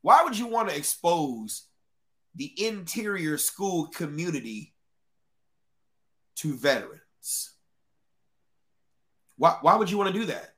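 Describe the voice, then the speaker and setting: Brief: livestream host, casual and profane, with a fairly high, bright voice. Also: male voice, animated, slow, long pauses. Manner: casual, profane, talks straight to chat.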